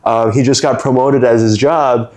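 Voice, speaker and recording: Man, casual storyteller, mid pitch, loose and rambling, keeps dropping "like" and voicing the people in his story. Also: fairly even intonation, normal speed, darkish tone. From San Francisco. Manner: rambling, many "like" fillers, acts out other people's lines. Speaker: storytelling guest.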